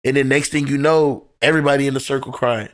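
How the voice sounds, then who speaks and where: This young man, a teacher who writes poetry, talks fast in a steady, mid-range voice as a podcast guest. His stories about his own life are candid and emotional, sprinkled with casual profanity in an easygoing chat.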